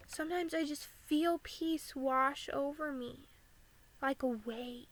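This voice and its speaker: A woman's voice: high voice, slow pace, a bit bright, rough recording. A young American woman vlogging candidly about living with anxiety, saying "like" often. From United States. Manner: candid and earnest, frequent "like" fillers.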